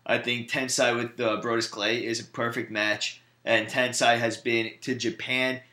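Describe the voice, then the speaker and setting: A man's voice: mid-range voice, little pitch movement, unhurried, bright, forceful tone, roomy sound. A man co-hosting a podcast in casual chat, earnest and curious as he weighs rumors and pokes at his co-host.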